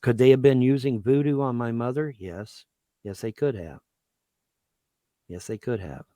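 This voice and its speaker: A man's voice: medium pitch, unhurried, mellow, no room sound. A man in a bitter, accusatory rant to his viewers, repeating his points over and over. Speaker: livestream host. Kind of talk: aggrieved ranting monologue.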